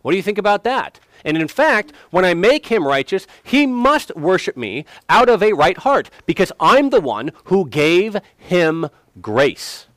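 A man's voice: sits high, big pitch swings, measured pace, fairly bright tone, dry recording, clean studio sound, pitched above the performer's own voice, full character voice. A man voicing God as a confident, taunting male deity who retorts emphatically. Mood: defiant.

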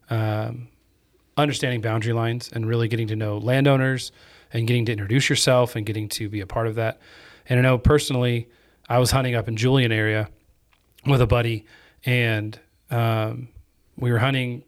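A man hosting a podcast and telling a story in an energetic, chatty way. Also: mid-range voice, moderate pace. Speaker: podcast host. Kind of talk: casual storytelling chat.

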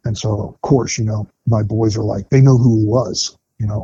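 A man's voice: lowish voice, steady tone, moderate pace, warm tone, slightly rough. A middle-aged man and retired firefighter, frankly telling his own recovery story in conversation, with many fillers and restarts. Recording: dull lo-fi podcast audio with faint noise.

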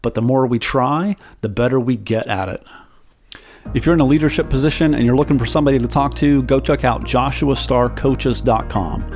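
A man of middle pitch hosts his own leadership podcast. He talks alone in an earnest, conversational way and stacks repeated phrases to drive each point home. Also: brisk, a little mellow, soft background music. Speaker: podcast host and leadership coach. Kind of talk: reflective solo podcast talk.

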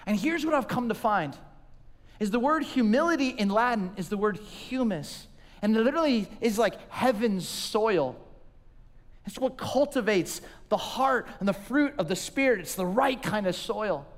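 A man in his forties preaching a sermon in an animated, humorous storytelling way. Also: high-pitched, normal speed, long reverb tail. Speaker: pastor.

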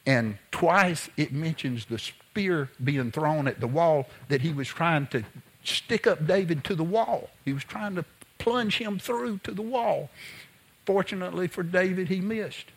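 A man preaching a sermon in a folksy, conversational way, mixing scripture with childhood stories and sometimes dropping to a hush. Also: a little high, measured pace, breathy edge. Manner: folksy, conversational, drops to a hush when telling a story. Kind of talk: sermon with personal storytelling.

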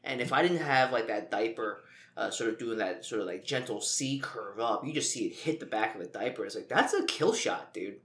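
A man's voice: lowish voice, lively intonation, brisk, fairly bright tone. A man co-hosting a podcast, telling a long story in casual chat with jokes and lots of fillers. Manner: rambling, jokey storytelling with many fillers. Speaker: podcast co-host.

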